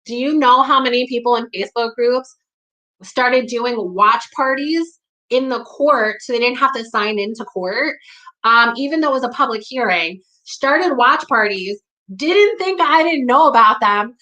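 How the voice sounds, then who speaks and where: Woman, New York accent, outspoken, emphatic, high-ish voice, candid talk to camera. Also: a little slow, sharp tone, rough recording. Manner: blunt and emphatic, heavy use of "like", swears when riled. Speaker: community talk host.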